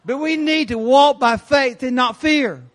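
High-voiced animated male preacher. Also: a little slow. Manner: animated storytelling with sudden loud and quiet turns. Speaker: guest preacher. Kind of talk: sermon. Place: church sanctuary.

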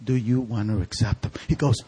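A man preaching a storytelling sermon as an evangelist, animated and acting out the voices of people in his stories. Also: fairly low pitch, brisk, noisy background. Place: church sanctuary.

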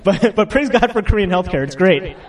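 Young male pastor, chatty and laughing, slightly high voice, recorded from a distance. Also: expressive, brisk. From United States. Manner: chatty, laughing asides, acts out quotes. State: getting over a cold. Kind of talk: casual sermon.

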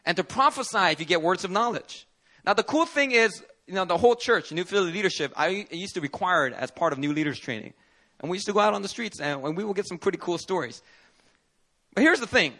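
A man preaching a sermon as pastor at a church service, telling stories with animated energy and acting out the people he quotes. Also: sits high, fast talker.

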